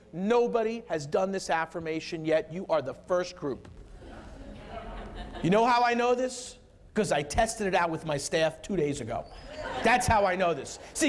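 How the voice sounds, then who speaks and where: High-voiced guy giving a pumped-up keynote, voice swoops all over, gets the crowd chanting along. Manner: energetic, leads the crowd in chanted affirmations. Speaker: keynote speaker. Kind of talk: motivational keynote speech. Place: conference hall with a live audience.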